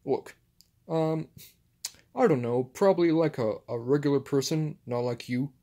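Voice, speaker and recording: A man voicing a calm, patient superhero, talking hesitantly with many fillers in home toy play-acting. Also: on the high side, unhurried.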